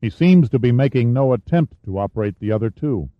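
A man reading the part of a blunt, worried male official in an audiobook, in a measured, reasoning manner, on a dull recording. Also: medium pitch, expressive, no echo, natural voice. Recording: dull, muffled dry recording.

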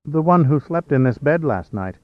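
A man voicing a playful adult woman who teases in a bright manner. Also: on the high side, lively intonation, moderate pace, no echo, pitched above the performer's own voice, lightly acted. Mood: teasing. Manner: teasing, bright. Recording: slightly dull, dry.

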